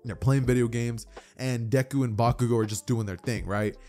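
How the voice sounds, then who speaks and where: A man's voice: medium pitch, fairly even intonation, normal speed, dark tone, soft background music. A young man narrating a fan story in a rambling, casual way, full of "like" and "you know".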